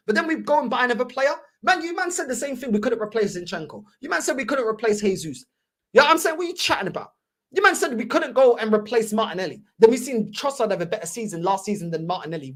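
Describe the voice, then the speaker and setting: A woman's voice: on the high side, big pitch swings, fast talker, a bit bright. A woman hosting a fan channel, ranting heatedly in slangy, repetitive reaction commentary.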